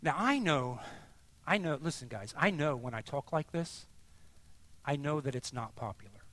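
A man preaching a sermon as pastor, emphatic and deliberate, sometimes dropping to a hushed near-whisper. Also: a little high, expressive.

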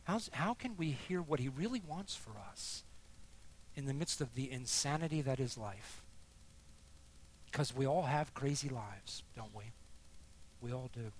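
A middle-aged man tells a personal faith story in the manner of a sermon, his voice sitting at an ordinary pitch. He drops to near-hushed tones at tender moments and rises into loud, emphatic bursts when the story peaks. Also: lively intonation, measured pace, pauses often, slight background noise. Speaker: speaker sharing testimony. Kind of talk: sermon-style personal testimony.

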